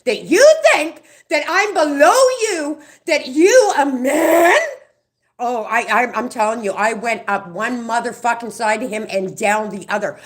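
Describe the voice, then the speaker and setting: Middle-aged woman, livestream rant, swears a lot, acts out quotes, slightly high voice. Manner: profane, animated storytelling with acted-out quotes. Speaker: livestream vlogger. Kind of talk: ranting livestream chat.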